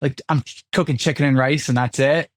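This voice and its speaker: A man's voice: medium pitch, fairly even intonation, fairly quick, no room sound, studio quality. A man co-hosting a casual podcast, giving blunt, sarcastic opinions. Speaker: podcast co-host.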